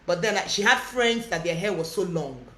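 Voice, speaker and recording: A woman's voice: fairly low pitch, animated, moderate pace, a bit bright. A woman hosting a talk show, speaking with emotion in a casual chat and often repeating and restarting her sentences. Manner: impassioned, repeats herself, many restarts. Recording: roomy echo.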